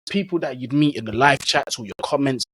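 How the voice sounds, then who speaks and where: A man tells his story as a guest, in a relaxed way full of street slang. His voice sits at an ordinary middle pitch, and he is recorded close and dry with no room sound. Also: a little fast, husky, no echo, rough recording. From England. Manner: easygoing, slang-heavy storyteller. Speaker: guest, football content creator. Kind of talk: casual storytelling interview.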